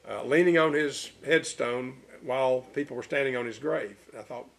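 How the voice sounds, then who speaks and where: Middle-aged man, gravelly, folksy interview storyteller, wanders and restarts. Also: medium pitch, normal speed. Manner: rambling, self-interrupting, animated anecdotes.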